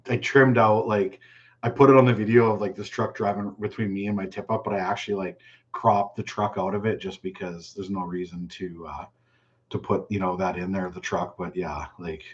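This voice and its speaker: A man's voice: fairly low pitch, normal speed, dull audio. Laid-back man chatting on a live stream. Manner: relaxed, chatty, reads viewer questions and answers offhand. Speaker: fishing channel host answering live chat. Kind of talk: casual live stream chat.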